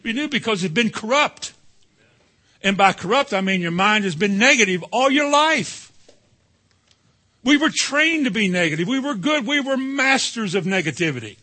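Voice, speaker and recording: A man's voice: high-pitched, sharp tone, husky. A man preaching a sermon, emphatic and calling out to the congregation for responses.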